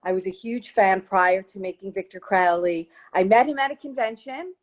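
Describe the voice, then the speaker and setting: A woman's voice: medium pitch, normal speed, highs cut off. A woman being interviewed as an actress guest, chatting casually in a bubbly, gushing way.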